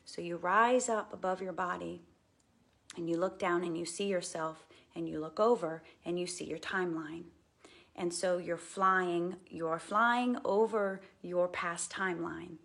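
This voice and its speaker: A woman talks to her live viewers with a husky, breathy voice pitched a little low. She gushes and repeats herself, then turns slow and soft when she recounts a meditation. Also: fairly even intonation. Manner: gushing and heartfelt, repeats words. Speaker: live video host sharing personal experiences. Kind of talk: casual live-stream monologue.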